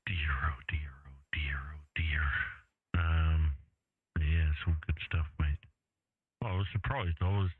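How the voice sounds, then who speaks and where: A man's voice: sits low, dry recording, phone-quality sound. An English man chatting casually over ham radio, laid-back and rambling with lots of fillers. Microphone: radio transceiver mic. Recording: thin radio transmission audio.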